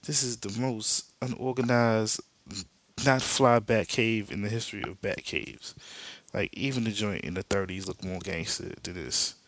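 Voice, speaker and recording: Deep gravelly man recapping comics. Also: measured pace, fairly bright tone, dry recording. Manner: slangy, laid-back storytelling. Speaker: podcast host. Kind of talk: casual comic-book recap.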